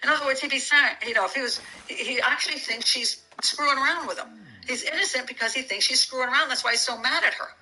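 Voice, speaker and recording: A woman talks through a criminal case, reading passages from documents and stopping often to restart her thoughts. She sounds sarcastic and incredulous, and her voice is very bright and a little high. Faint noise sits behind her. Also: fast talker, poor audio. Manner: incredulous, sarcastic, thinking aloud with many restarts. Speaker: true crime commentator.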